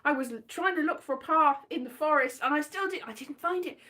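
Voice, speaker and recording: At home, a woman vlogs into her phone in a rambling, scatterbrained, self-mocking chat, breaking into silly sung lines. Her voice is high-pitched, fast, pushed and bright, with keyboard music in the background.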